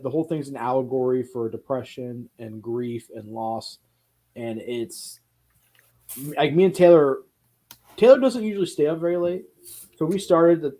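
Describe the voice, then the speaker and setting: A man hosting a casual film podcast, talking in an animated way with quick asides and a lot of swearing. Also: medium pitch. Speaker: podcast host.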